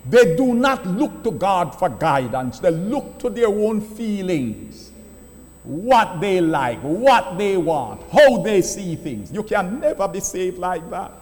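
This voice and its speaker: A man with a very high, lively voice preaches a sermon. He drives his points home by repeating words and stretching out key phrases. His voice rings with the long reverb of a large hall. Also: takes it slowly.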